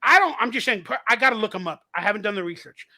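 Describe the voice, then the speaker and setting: A man speaks in a strikingly high, bright, forceful voice during a casual podcast conversation. He talks in long, rambling, argumentative runs and hammers home each point with emphasis. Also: animated, very fast.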